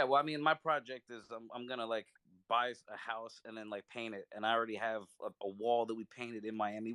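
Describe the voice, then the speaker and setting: A man's voice: on the low side, fairly bright tone, smooth, no room sound. A man chatting casually in an online audio room, joking and swearing in loose slang. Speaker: speaker in a crypto audio chat. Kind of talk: casual chat.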